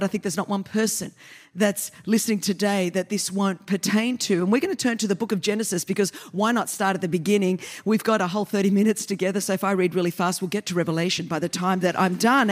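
An Australian woman in her fifties, a guest preacher delivering an energetic, joking sermon in a fast, continuous flow. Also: mid-range voice. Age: 50s.

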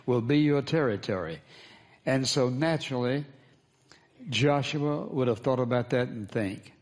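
A man's voice: mid-range voice, a little mellow. A man as pastor, preaching a sermon, calling for responses from the congregation and repeating key phrases for emphasis.

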